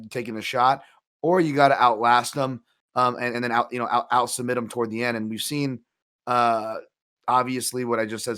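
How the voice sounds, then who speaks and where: A man's voice: medium pitch, fairly bright tone. A man co-hosting a betting show, analysing fights in casual chat with many restarts and asides. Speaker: co-host, MMA analyst.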